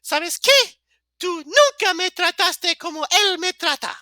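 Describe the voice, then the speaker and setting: Guy doing a squeaky dramatic telenovela girl, scornful, loud and shrill. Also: animated, unhurried, dry recording, clean studio sound, full character voice. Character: scornful young woman in a telenovela.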